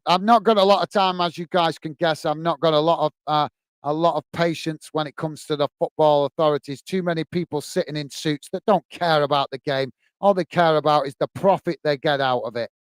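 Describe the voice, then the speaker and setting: A man's voice: on the high side, clean tone, dry recording. A man hosting a live football watch-along stream. He rants passionately and chats with viewers, calling them mate, between bits of match commentary. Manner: passionate, ranting, chatty, addresses viewers as mate.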